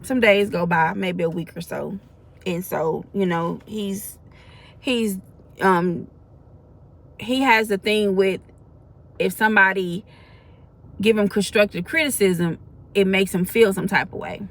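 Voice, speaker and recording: A woman's voice: medium pitch, unhurried, long pauses. A woman in her forties gives a spoken faith testimony. She talks in a colloquial, earnest way that builds into preaching. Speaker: faith vlogger.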